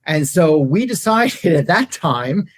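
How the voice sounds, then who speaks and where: A man's voice: fairly high pitch, sing-song, slow pace. A middle-aged man answering interview questions thoughtfully, with many fillers and restarts. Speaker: guest, agency CEO.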